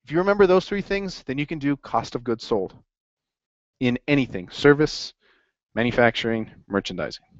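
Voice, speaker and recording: A man teaching an accounting class in a lively classroom lecture, quizzing students as he goes. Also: medium pitch, normal speed, dry recording. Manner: upbeat, asks the class questions. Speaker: accounting instructor. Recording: dry, dull lo-fi classroom recording.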